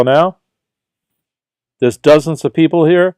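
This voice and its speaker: A chatty host from Brooklyn, New York runs a casual livestream Q&A, reading viewer questions aloud and answering in a conversational way. His medium-pitched voice is smooth and a little mellow at a normal speed, with no room sound.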